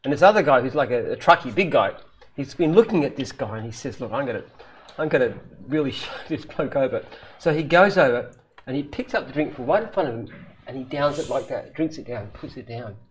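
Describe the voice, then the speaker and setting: A man's voice: medium pitch, animated, a little fast, slight background noise. A man, a company founder, chatting casually in a live Q&A and telling jokes with frequent laughter. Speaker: company founder answering questions.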